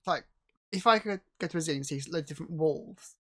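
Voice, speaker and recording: A man guest-hosting a podcast, mostly chiming in briefly and agreeing in a relaxed way. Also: fairly high pitch, fast talker. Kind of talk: casual movie review chat.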